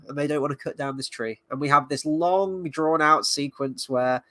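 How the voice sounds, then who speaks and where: A man's voice: fairly high pitch, a bit bright, no room sound. A man giving a casual spoken review of a series, blunt and sarcastic, swearing freely as he picks apart its writing. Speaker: show reviewer.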